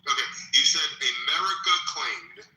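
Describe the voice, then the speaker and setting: A man's voice: fairly high pitch, normal speed, pushed and bright, reverberant, slight background noise, low-quality recording. A man hosting a political call-in show who argues with a caller, interrupts and presses hard for answers. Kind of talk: heated debate with a caller.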